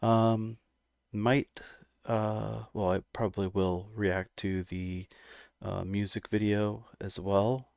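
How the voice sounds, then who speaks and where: A man's voice: lowish voice, flat delivery, slow pace, creaky, a little mellow, no echo, studio quality. A man hosting a music reaction video, talking casually with many hesitations and fillers, a little out of breath. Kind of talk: casual chat.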